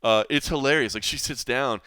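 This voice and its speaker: A man's voice: medium pitch, a little fast, pushed and bright, clean tone, no room sound. A man hosting a casual podcast chat, talking animatedly and repeating words as he starts sentences. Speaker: podcast host.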